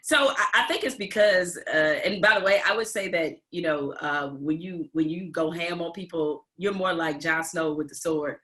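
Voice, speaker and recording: Bright-voiced woman interview host. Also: lowish voice, normal speed, hardly any pauses.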